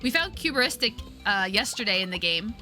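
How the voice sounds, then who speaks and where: Bubbly young woman streamer, lively pitch. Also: a little fast, soft background music. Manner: lively, giggly, high customer-service voice. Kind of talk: casual chat while gaming.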